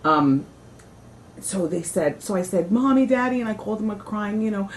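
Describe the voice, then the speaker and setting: Woman, talk show host, middle-aged, casual rambling chat, candid and dramatic, mid-pitched voice. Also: normal speed, a little hiss or hum. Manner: chatty, rambling, peppered with "you know" and "like".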